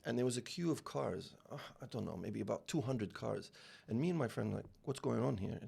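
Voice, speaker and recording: A man in his forties with a gravelly, husky voice, raised in the UAE, tells a long anecdote on a podcast. He voices the people in it as he goes and repeats words often when he restarts a sentence. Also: mid-range voice, brisk. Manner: animated anecdotes, acting out dialogue, many restarts. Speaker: real estate founder, guest. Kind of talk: storytelling interview.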